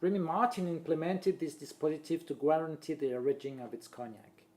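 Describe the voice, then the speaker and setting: Man with a mellow voice. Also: a little high, fairly quick. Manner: steady, lists points one after another. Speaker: marketing presenter. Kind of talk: read-aloud presentation voice-over.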